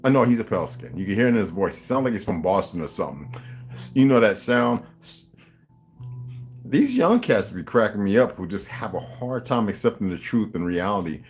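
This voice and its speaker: Animated man chatting with viewers. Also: lowish voice. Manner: animated, profane, talks straight to viewers. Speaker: host reading a book to viewers. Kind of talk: casual livestream chat. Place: home room.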